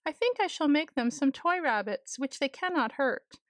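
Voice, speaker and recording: A woman takes on a jolly old Santa Claus in a storybook tale. He talks in a cheerful, kindly way, though the voice stays fairly high. The sound is dry and close. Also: expressive, moderate pace, no room sound.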